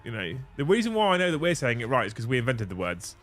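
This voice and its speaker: A middle-aged man from southern England talks in an easygoing southern English accent, at a middle pitch. He argues points playfully, swears in passing and reads viewers' messages aloud. Quiet music runs beneath him. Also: huge pitch swings, quick pace. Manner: playfully stubborn, joking, swears casually. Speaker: livestream host reading chat. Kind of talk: casual late-night chat with his wife.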